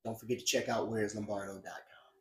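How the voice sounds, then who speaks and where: A man's voice: fairly low pitch, fairly even intonation, fast talker. A man hosting a podcast, giving blunt, profane political commentary that grows heated and emphatic. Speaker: podcast host. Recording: roomy echo.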